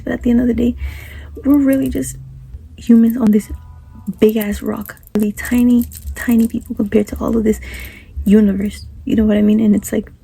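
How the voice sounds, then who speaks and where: A young woman speaking earnestly to camera about faith, soft-spoken and often slipping into a whisper, rambling and repeating herself. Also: a little high, slightly rough, rough recording. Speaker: Christian YouTuber.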